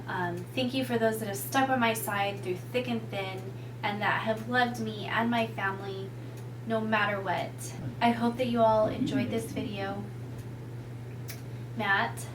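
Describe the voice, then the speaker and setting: A woman speaking heartfelt words of remembrance in a personal video tribute, reminiscing fondly. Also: mid-range voice. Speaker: widow paying tribute. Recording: roomy, distant mic with clear background noise.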